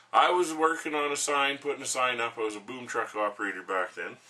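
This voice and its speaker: A man's voice: medium pitch, sharp tone, far from the mic. A middle-aged man, ranting to camera at home in a crude, rambling way and swearing constantly. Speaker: vlogger. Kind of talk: profane rant to camera.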